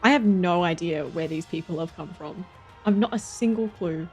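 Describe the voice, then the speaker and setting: A woman streaming a game live, swearing in exasperation and quick to laugh. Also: lowish voice, darkish tone, faint music behind.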